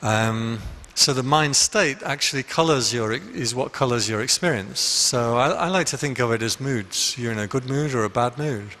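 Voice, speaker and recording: A man's voice: medium pitch, moderate pace, hardly any pauses, pushed and bright, slight background noise. A man, a Buddhist monk, giving a conversational dharma talk full of anecdotes in a meditation hall. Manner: conversational, anecdotal, with frequent restarts.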